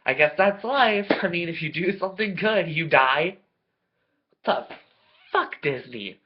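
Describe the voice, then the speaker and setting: A vlogger ranting to camera in a profane, sarcastic way, swearing constantly and breaking into loud bursts of outrage. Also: mid-range voice, lively intonation, measured pace, breathy edge. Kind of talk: profane comedic rant to camera. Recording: dull lo-fi recording.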